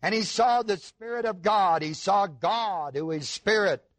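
A man delivers a sermon in a fairly high voice, taking his time and leaning hard on key words. He pauses to ask his listeners rhetorical questions. The recording is dry, with almost no room sound. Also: fairly bright tone, dry recording. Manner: slow, emphatic preaching with rhetorical questions to the audience. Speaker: preacher.

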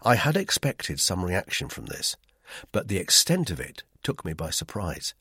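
Deep-voiced man narrating a thriller. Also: sing-song, normal speed, bright, forceful tone, slightly rough, dry recording, studio quality. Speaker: audiobook narrator. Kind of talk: first-person novel narration.

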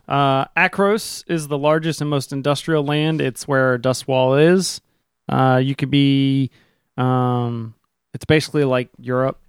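A man's voice: mid-range voice, fairly even intonation, a little slow, clean tone, no echo, clean studio sound. A man running a tabletop game, explaining the rules casually with many fillers. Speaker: game master.

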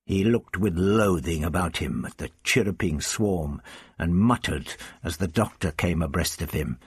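A man reading a story aloud with expressive, dramatic narration. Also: sits low, a little slow, breathy edge, dry recording, clean studio sound. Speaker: audiobook reader. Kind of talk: scripted narration.

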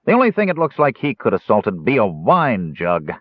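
A man voicing a gruff, scowling male dwarf who haggles stubbornly and talks in a dismissive growl. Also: on the low side, huge pitch swings, normal speed, no echo. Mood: scornful. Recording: narrow tinny phone-like audio.

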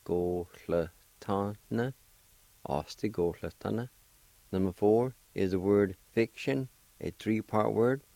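A language teacher who hosts on radio speaks with a low, creaky, warm voice, recorded without any room sound. Slowly and encouragingly, he spells out words letter by letter and pronounces them.

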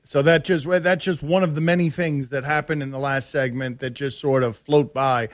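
A man hosting a sports talk radio show, arguing in animated, rambling tangents. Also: a little high, moderate pace, dry recording, clean studio sound. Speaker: radio host.

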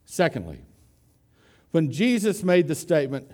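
A man preaching a sermon, explaining a Bible passage and slowing down to stress key words. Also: medium pitch, animated, warm tone.

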